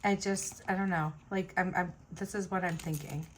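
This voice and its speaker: Woman, casual rambling chat, lots of fillers, slightly low voice, faint background noise. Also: steady tone, moderate pace. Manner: chatty, rambling, many fillers. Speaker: jewelry-making vlogger. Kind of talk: casual chat while beading.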